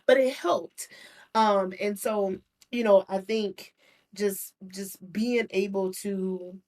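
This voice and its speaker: A woman's voice: medium pitch, fairly even intonation, slow, a little mellow. Candid young woman, laughing as she talks. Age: young adult. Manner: candid, laughs often, many restarts. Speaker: guest. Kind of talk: casual personal chat.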